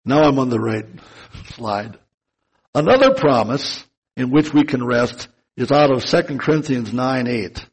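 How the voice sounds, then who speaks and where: A man delivers a sermon at an unhurried pace. He lingers on key words to give them weight, and his voice has a husky edge. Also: mid-range voice, expressive, low-quality recording. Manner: slow and deliberate, stretching key words for emphasis. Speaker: preacher.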